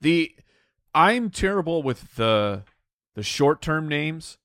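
A man in casual podcast chat, speaking haltingly and thinking aloud with restarts. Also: a little high, sing-song, fairly bright tone, smooth, dry recording, studio quality.

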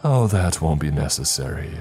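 Creaky, scornful villain, bossy and snappish; a man doing the voice. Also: rumbling low, big pitch swings, normal speed, darkish tone, faint music behind, exaggerated voice. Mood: smug. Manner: snapping, contemptuous. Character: creaky-voiced ruthless male surveillance boss, villain.

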